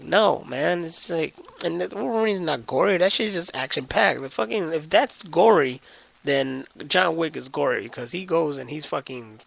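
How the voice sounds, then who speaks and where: Gravelly, bright-voiced young man ranting. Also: mid-range voice, no echo. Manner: profane, animated storytelling. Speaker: podcast host. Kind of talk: casual solo rant.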